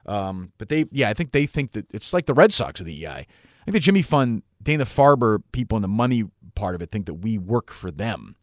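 Animated, rambling low-voiced man. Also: brisk, no echo, clean studio sound. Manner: rambling and profane, with frequent fillers and wide swings in pitch. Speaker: podcast host. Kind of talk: casual monologue answering listener mail.

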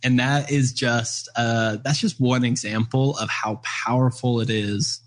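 A man's voice: mid-range voice, fairly even intonation, measured pace. Earnest man explaining with frequent "uh"s. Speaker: guest speaker on parenting. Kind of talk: casual storytelling and explaining.

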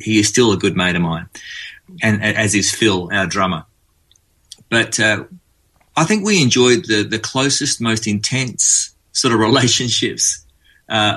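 In this relaxed interview, a man in his forties with an Australian accent chats as a guest, spinning stories packed with fillers. His voice sits fairly low, with a bright, forceful tone.

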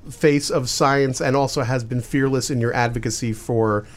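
A man hosting an interview, asking his questions in a halting, hesitant way. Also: medium pitch, steady tone. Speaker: interviewer, host. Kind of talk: casual interview.

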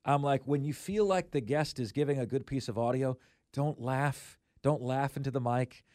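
A man's voice: mid-range voice, normal speed, dry recording, clean studio sound. Man hosting sports talk radio. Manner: animated, self-deprecating banter. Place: radio studio. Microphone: studio microphone.

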